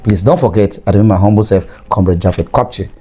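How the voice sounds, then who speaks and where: A man's voice: fairly low pitch, quick pace, mellow. A young Nigerian man with a Nigerian accent giving impassioned political commentary, angry and preachy, repeating phrases for emphasis. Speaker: online commentator.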